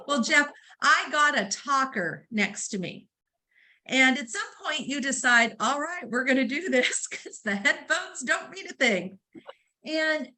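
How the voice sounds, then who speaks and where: Bright, lively woman running a training session. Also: on the high side, rough recording. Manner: storytelling, acts out dialogue; conversational, uses fillers like um and right. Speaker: real estate trainer. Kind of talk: training seminar talk.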